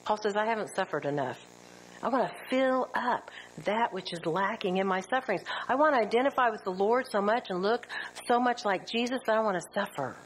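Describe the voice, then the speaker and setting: Animated woman teaching a Bible study. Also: medium pitch, brisk, slight background noise, rough recording. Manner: lively, rhetorical questions, acts out quotes.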